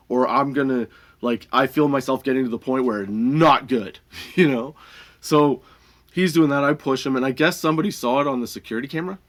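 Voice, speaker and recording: This comedy podcast host has a mid-range, slightly bright voice. His casual monologue is a workplace story told heatedly and profanely, rambling with many restarts and fillers, and he often laughs between lines.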